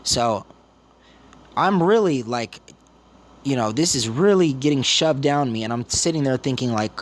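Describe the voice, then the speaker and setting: Man around thirty, vlogger, rambling casual storytelling, mid-pitched voice. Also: normal speed, slight background noise. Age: 30s. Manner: rambling, repetitive retelling.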